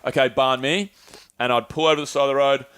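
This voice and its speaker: A man's voice: mid-range voice, fairly even intonation, fast talker, fairly bright tone, clear, resonant tone. A young Australian man casually telling travel stories, rambling and swearing with lots of filler words. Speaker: podcast co-host. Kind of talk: casual chat, travel storytelling.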